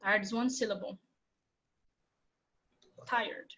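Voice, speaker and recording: A woman's voice: high-pitched, measured pace, sharp tone, dull audio. A Brazilian woman whose first language is Portuguese, teaching an English class online and explaining step by step with patience.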